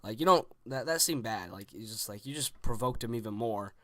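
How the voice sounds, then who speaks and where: A man's voice: lowish voice, animated, a little fast, sharp tone, no echo, clean studio sound. A young man in his teens casually telling a story, rambling with lots of "like" and restarts.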